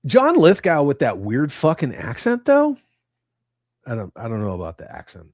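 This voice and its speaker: A man's voice: medium pitch, huge pitch swings, moderate pace, a little mellow, no echo, studio quality. A man hosting a casual livestream, reading chat comments aloud with crude, profane banter.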